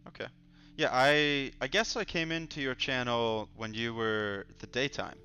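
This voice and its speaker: A man's voice: medium pitch, fairly even intonation, measured pace, sharp tone. A man hosting a casual livestream conversation in an easygoing, joking way, reading comments out as he goes. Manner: easygoing, joking, reads chat aloud. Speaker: host. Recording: dull lo-fi stream audio with faint music.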